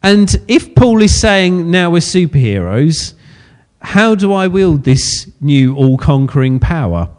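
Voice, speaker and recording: A man's voice: high voice, measured pace, hardly any pauses, a little mellow. A man preaching a sermon in a chatty, self-deprecating way, laughing often at his own slips.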